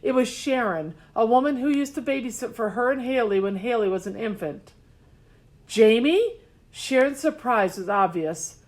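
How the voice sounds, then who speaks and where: A woman's voice: fairly high pitch, moderate pace, few pauses. Woman narrator reading a storybook. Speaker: audiobook narrator. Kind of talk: scripted narration.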